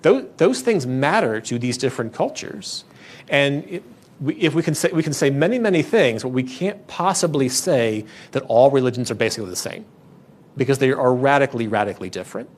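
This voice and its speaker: A man preaching a sermon with an earnest, emphatic delivery, pressing his points hard and often circling back to restart a phrase. His voice sits at an ordinary middle pitch, and he speaks as a pastor addressing his congregation in a church. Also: lively intonation, a little fast.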